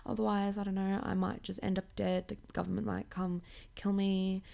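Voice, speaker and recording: A woman's voice: medium pitch, normal speed, vocal fry. A young woman hosting a podcast, ranting casually with lots of swearing, filler "like"s and sarcasm. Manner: swears a lot, many likes, animated and sarcastic. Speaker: podcast host.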